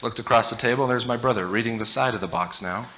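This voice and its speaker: Bright-voiced man telling comic stories. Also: mid-range voice, quick pace, slight background noise. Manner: animated, comic, laughing through the story. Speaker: motivational speaker. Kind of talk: humorous storytelling talk. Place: stage before a live audience.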